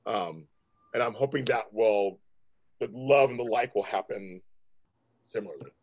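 Husky-voiced man in his fifties, rambling. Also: lowish voice, animated, darkish tone. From California. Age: 50s. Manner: rambling, halting with many restarts and ums. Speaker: host. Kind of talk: casual chat.

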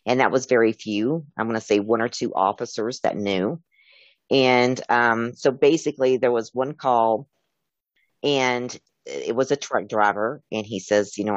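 In a muffled recording with no room sound, a man who once worked as an emergency dispatcher shares stories during an interview. His mid-range voice stays unhurried and sincere as he voices what callers said.

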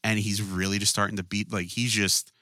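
A man's voice: lowish voice, little pitch movement, fairly quick, pushed and bright, no echo, studio quality. Profane, chatty man on a podcast. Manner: loose, profane, acts out scenes in mocking voices. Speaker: podcast co-host. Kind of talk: casual chat.

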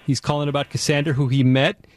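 A man's voice: fairly high pitch, little pitch movement, fast. A man hosting a morning radio show, upbeat and jokey, steering the segment.

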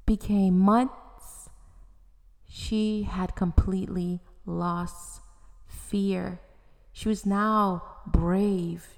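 A woman tells a story slowly and dramatically, her voice falling to a whisper at tense moments. She speaks at a medium pitch. A long hall reverb trails behind her words. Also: a little mellow. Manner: slow and dramatic, dropping to whispers.

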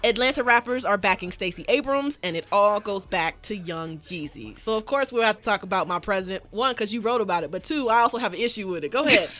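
A woman's voice: medium pitch, animated, fairly bright tone. A woman co-hosting a podcast, chatting casually with teasing asides. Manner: teasing, conversational, quick asides. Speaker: podcast co-host. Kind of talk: casual music discussion.

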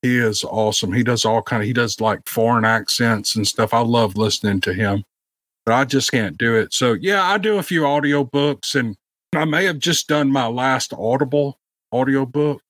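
A man with a Memphis Southern accent talks in a rambling, easygoing way as a podcast guest. His voice sits at a middle pitch. It is recorded dry on his own home microphone. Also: moderate pace, fairly bright tone, no room sound. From Memphis, Tennessee. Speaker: guest, audiobook narrator. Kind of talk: casual podcast chat.

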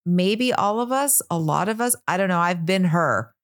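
Expressive woman podcast co-host. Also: lowish voice, moderate pace. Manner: chatty, retells scenes step by step. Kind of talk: casual chat recapping a TV show.

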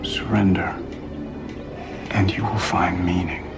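Brief: hypnotic TV villain, low and very slow, loud score behind. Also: male voice, over loud music. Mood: menacing. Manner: slow, hypnotic, dropping into whispers. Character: cold, coaxing male villain commanding a captive. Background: loud dramatic score.

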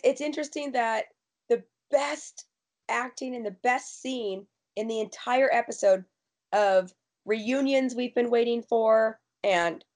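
A woman hosting a casual TV recap chat, quick and emphatic as she gives her opinions. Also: on the high side, a little mellow. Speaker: podcast host.

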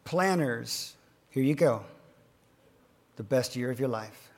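In a motivational keynote for financial advisors, a man speaks at medium pitch with lively intonation. He moves from loud emphasis to quiet, almost whispered lines, slowing down to underline important phrases.

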